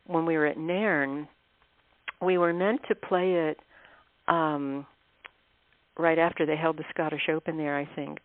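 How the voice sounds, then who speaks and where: A woman, a guest author, telling travel stories in a chatty interview, often laughing and clearing her throat. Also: low voice, no room sound. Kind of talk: casual interview storytelling. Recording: dry tinny phone line.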